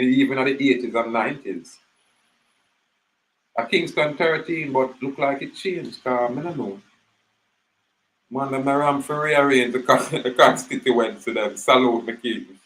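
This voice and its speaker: Jamaican man at an average pitch, speaking Patois in a loose, storytelling monologue. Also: poor audio. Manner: rambling, animated storytelling in Patois. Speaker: channel host. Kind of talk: casual monologue.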